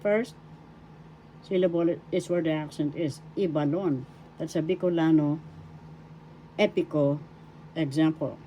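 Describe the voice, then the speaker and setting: A woman's voice: sits low, a little slow, pauses often, mellow, slight background noise, poor audio. An older woman with a Filipino accent teaching a language lesson, spelling out words syllable by syllable and repeating each word several times. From Philippines. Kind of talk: slow spoken language lesson.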